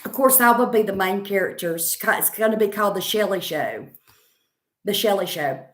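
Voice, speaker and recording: In a roomy-sounding space, a female stand-up with a Southern accent responds to viewers' comments with loose, confident chatter. She speaks at normal speed in a mid-range voice with lively intonation.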